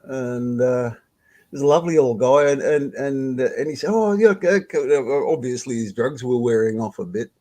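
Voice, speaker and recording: Older Australian man, casual halting storyteller, swears freely, video-call audio. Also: mid-range voice, fairly even intonation, dark tone. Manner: rambling, halting, swears freely, laughs often. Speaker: guest storyteller. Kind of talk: casual storytelling on a live stream.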